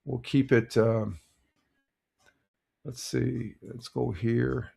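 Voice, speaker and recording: A man's voice: medium pitch, fairly even intonation, very slow, gravelly, dark tone, husky. An older man hosting a casual morning live stream, rambling through sports results and greeting viewers in the chat with many fillers. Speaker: livestream host.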